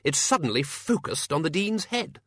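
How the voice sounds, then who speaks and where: A man voicing a bluff, hearty older male wizard in charge, speaking slowly and bluntly in an audiobook. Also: fairly high pitch, very animated, a bit bright, husky, no echo, studio quality, voice pushed up, exaggerated voice.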